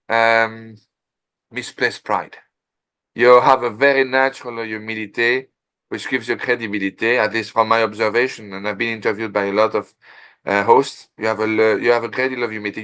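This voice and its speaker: A male interview guest with a voice of middling pitch. He speaks formally and deliberately, choosing his words with care and offering compliments. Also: fairly bright tone, smooth. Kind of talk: interview conversation.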